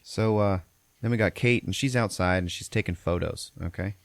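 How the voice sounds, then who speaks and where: A podcast host recapping a film in a loose, rambling way, cursing freely as he goes. His voice is very low and gravelly, and the recording is dry and close. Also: normal speed, dry recording. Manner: profane, rambling storyteller. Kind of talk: casual movie recap.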